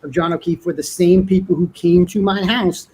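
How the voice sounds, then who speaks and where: High-voiced man telling stories, profane. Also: moderate pace, husky. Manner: profane, animated storytelling. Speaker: interview guest. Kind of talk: casual interview.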